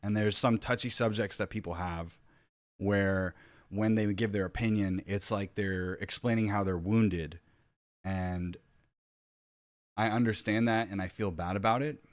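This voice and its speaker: A man's voice: sits low, no echo. A man giving casual reaction commentary, rambling and restarting his sentences as he thinks aloud. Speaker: YouTube commentator.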